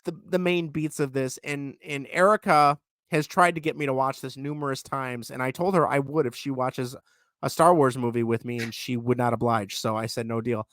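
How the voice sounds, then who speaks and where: A man in his thirties co-hosting a podcast in casual chat, animated and laughing easily, with a sick voice. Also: mid-range voice, moderate pace, no room sound, studio quality. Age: 30s. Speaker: podcast co-host.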